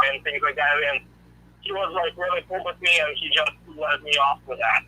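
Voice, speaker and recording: A man with a thick Russian accent tells a long, meandering story, padding it with "like" and "you know". His voice is bright and cutting, with a husky, rough edge, and he sounds fairly high-pitched for a man. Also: fairly quick, rough recording. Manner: rambling anecdote-telling with many fillers. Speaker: caller. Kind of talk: casual chat.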